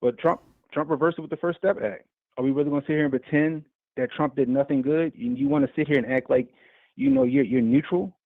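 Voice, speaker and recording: A man's voice: fairly high pitch, gravelly, no room sound. A man calling in to a talk show, ranting heatedly and profanely about a debate. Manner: profane, animated, fast-talking. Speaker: caller. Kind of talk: heated call-in rant. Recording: tinny phone line.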